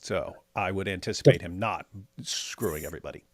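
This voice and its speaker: A man's voice: deep voice, fairly quick, no echo. Sarcastic man hosting a casual chat. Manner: sarcastic, joking. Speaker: host.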